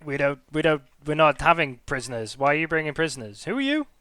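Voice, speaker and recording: A man voicing a wary male kobold guard who shouts, stammers and sounds suspicious. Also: fairly high pitch, very animated, quick pace, smooth.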